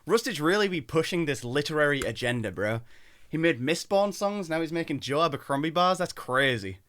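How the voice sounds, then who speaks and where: Bright-sounding dude reacting to a song, super casual, says like a lot, drops the odd swear. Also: male voice, a little high, moderate pace. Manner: relaxed, swears casually, many filler likes. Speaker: reaction video host.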